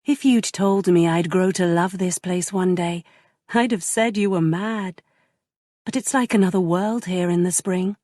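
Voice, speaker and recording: A woman voicing a shy, gentle young governess, speaking softly in a raised, tremulous voice. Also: on the low side, unhurried, no echo, studio quality, close to an everyday voice. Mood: tender.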